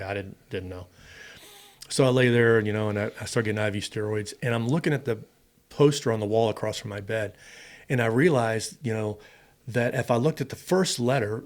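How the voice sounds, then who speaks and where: Lowish-voiced man telling a story. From United States. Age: middle-aged. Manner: animated storyteller, acts out both sides of dialogue. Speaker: podcast guest, retired fighter pilot. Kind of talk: casual storytelling interview.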